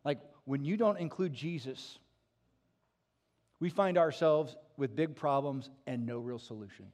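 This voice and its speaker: A man preaching a sermon as pastor, acting out scenes with a raised voice and dropping low and soft for emphasis. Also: a little slow. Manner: animated storytelling, acting out disciples with a raised voice.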